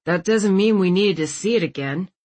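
A woman voicing an easygoing young man, lowering her voice into a relaxed manner for an audiobook. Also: normal speed, lightly acted.

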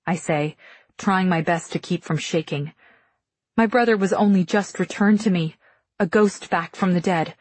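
Woman audiobook narrator, first person, urgent delivery, husky voice, dry booth sound. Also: lowish voice, moderate pace, darkish tone, no room sound.

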